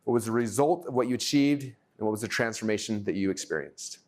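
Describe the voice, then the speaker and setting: A man teaching a live workshop to an audience, energetic and excitable, acting out his own thoughts as he goes. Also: fairly low pitch, quick pace.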